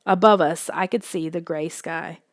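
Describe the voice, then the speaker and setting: Hushed woman reading a suspense story. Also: lowish voice, steady tone, normal speed, no echo, clean studio sound. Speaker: audiobook narrator. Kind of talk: scripted audiobook narration.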